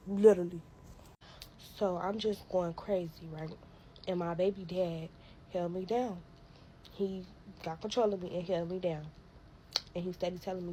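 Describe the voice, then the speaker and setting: A young woman casually telling a dramatic personal story to her viewers, profane and animated, acting out her own shouting. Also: medium pitch, moderate pace, a little hiss or hum, low-quality recording.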